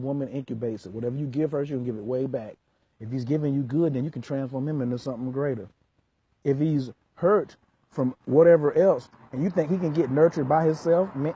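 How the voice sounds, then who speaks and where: A man's voice: medium pitch, mellow, husky, muffled recording. A man working as a relationship coach, lecturing hard in an emphatic vlog rant full of street slang.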